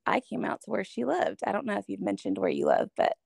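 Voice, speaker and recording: A woman's voice: mid-range voice, wildly swooping pitch, fast, gravelly, a little mellow, slightly rough, dry recording, studio quality. A woman with a Southern US accent co-hosting a podcast in casual chat, often agreeing and saying yes. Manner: agreeable, frequent yeses and mm-hmms. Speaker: podcast co-host.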